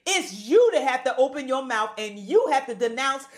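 A woman's voice: high-pitched, very animated, normal speed. A woman preaching a fervent, emphatic sermon and repeating words for emphasis.

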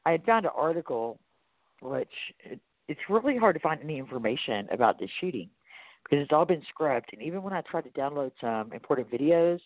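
A man's voice: a little high, sing-song, a little fast, dry recording. A man with a Texas accent hosting a talk radio discussion, reading articles aloud and commenting in a casual way. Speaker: radio host. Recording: tinny phone-like line, dry.

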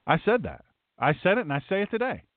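A man's voice: high voice, dry recording. A male host delivering a blunt, emphatic, sarcastic talk-show monologue. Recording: tinny phone-like, dry.

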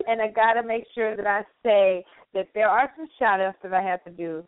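A woman co-hosting a late-night radio talk show, chatting casually and reading shout-outs. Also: medium pitch, fairly even intonation, brisk, no room sound. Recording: dry phone-line sound.

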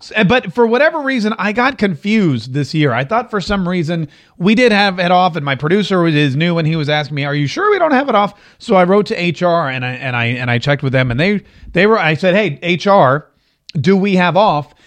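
With a high-pitched, expressive voice and a slightly fast pace, a show host rambles casually to his live-stream viewers. He keeps restarting his sentences as he chats.

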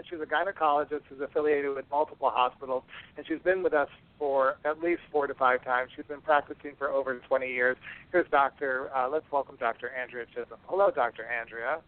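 Man, podcast host, chatty, stumbles over words, somewhat high voice, tinny phone line. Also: a little fast. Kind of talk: casual radio-style hosting.

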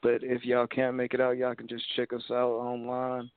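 A man from Alabama with an Alabama twang, a rapper guest talking casually in laid-back slang and giving shout-outs. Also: mid-range voice, completely flat delivery, normal speed, noisy background. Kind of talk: casual interview over a call. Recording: tinny phone-like call audio, dry.

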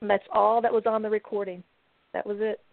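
A woman, a guest researcher, telling a story on a call-in show in a plain, steady way. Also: mid-range voice, a little fast, creaky, no echo. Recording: tinny phone line, dry.

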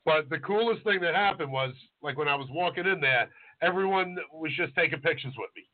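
Animated and brisk, this man's fairly high voice comes through tinny, phone-style audio. He's a chef who co-hosts a casual podcast, and he tells loose, crude tales, acting out the voices of the people involved.

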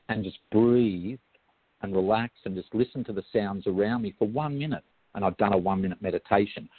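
A talkative Australian man with a fairly low voice, explaining things in an easy, wandering way. His voice comes through a thin, phone-like remote line. The sound is dry, with no room around it. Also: no echo. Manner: chatty, digressive, self-interrupting. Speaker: guest hypnotherapist. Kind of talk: casual explanatory interview talk.

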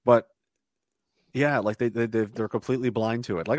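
Animated Canadian man, dry close sound. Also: medium pitch, moderate pace, no room sound. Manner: animated, laughs between remarks. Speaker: podcast guest. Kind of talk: casual podcast chat.

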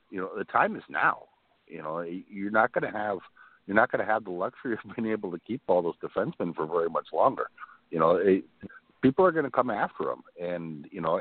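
A very deep-voiced man with a Northern US accent chats about sports in a rambling way, padding his talk with fillers and restarts. His voice comes over a tinny, phone-like line, and it sounds dry and close with no room around it. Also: no room sound. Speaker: co-host.

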